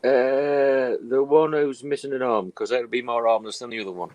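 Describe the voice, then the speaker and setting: An older man with a gravelly voice playing a tabletop game, making offhand, muttered remarks. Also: medium pitch, fairly even intonation, moderate pace, a little mellow, dry recording. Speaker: player. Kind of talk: casual tabletop play.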